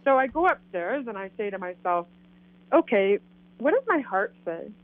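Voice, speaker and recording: A woman from Canada telling a personal story in a casual, animated way, acting out what people said. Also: medium pitch, moderate pace, no echo. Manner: animated, acts out quoted dialogue. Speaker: guest telling her story. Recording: tinny phone line, dry.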